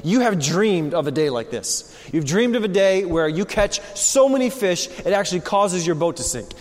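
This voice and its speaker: A man preaching a sermon as pastor, swinging from hushed, low passages to loud, excited ones. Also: normal speed. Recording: long reverb of a large hall.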